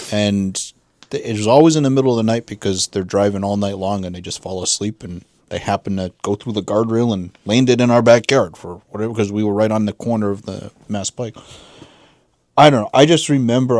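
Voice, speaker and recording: Low-voiced man telling a halting story. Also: a little mellow, dry recording, clean studio sound. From western Massachusetts. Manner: rambling, halting storytelling with many restarts. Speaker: podcast co-host. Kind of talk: casual conversation.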